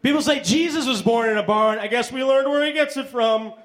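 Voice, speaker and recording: A man performing stand-up comedy, delivering deadpan one-liners on stage. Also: extremely high pitch, a little fast.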